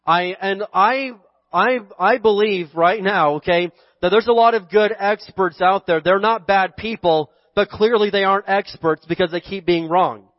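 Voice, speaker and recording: A man's voice: sits high, normal speed, no echo, muffled recording. A male pastor giving a casual, joking sermon and acting out the voices in the stories he tells. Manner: folksy and joking, acts out quoted voices.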